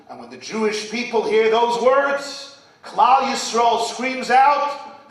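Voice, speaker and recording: Man, rabbi, impassioned sermon, very high lively voice, echoey hall from far off. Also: measured pace. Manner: dramatic swings from shouting to near-whispers, sprinkled with Hebrew and Yiddish terms. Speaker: rabbi and speaker. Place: event hall.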